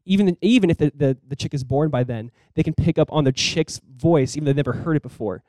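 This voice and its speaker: A male pastor delivers a sermon at a rapid clip, talking to the congregation like he's chatting with friends. His voice sits a bit high for a man, and the room is dry with no echo. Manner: conversational, animated preaching with quick asides.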